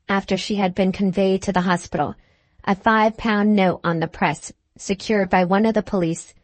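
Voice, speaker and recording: A woman reading a classic novel aloud as an audiobook narrator, in a measured, dramatic manner. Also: mid-range voice, a little mellow, dry recording. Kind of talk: scripted narration.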